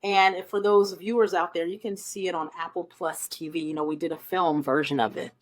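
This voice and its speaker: A Broadway performer from Omaha, Nebraska, chats as an interview guest, telling stories enthusiastically with frequent ums. Her voice is fairly low, with fairly even intonation, and she speaks fairly quickly in this casual interview.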